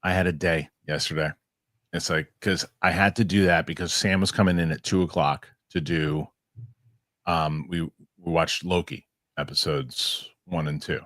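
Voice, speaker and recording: A man's voice: deep voice, fairly even intonation, moderate pace, a bit bright, no echo, clean studio sound. A man hosting a casual podcast chat, jokey and rambling. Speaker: host. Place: New York studio.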